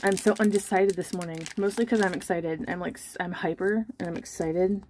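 A woman's voice: fairly low pitch, fairly even intonation, fairly quick, darkish tone, slight background noise. A young woman chatting casually and self-deprecatingly while she opens trading card packs on her channel. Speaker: card-opening vlogger.

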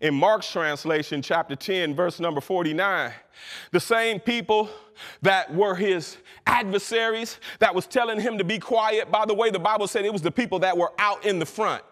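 A man preaching a fervent sermon as minister, rising to shouts and drawing out his phrases. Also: high voice, moderate pace. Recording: long reverb of a church hall.

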